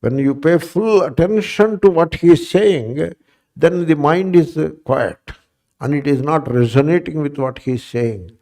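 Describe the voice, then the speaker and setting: A man's voice: a little high, measured pace, darkish tone. A man giving a spiritual class lecture as a Vedanta teacher, repeating points and checking in with his listeners. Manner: repetitive, asks the listeners questions.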